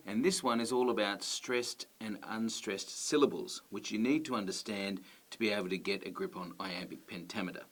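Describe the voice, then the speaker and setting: Aussie guy teaching a lesson, lowish voice, leans hard on the stressed words. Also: fairly bright tone. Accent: Australian. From Australia. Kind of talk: explaining to camera.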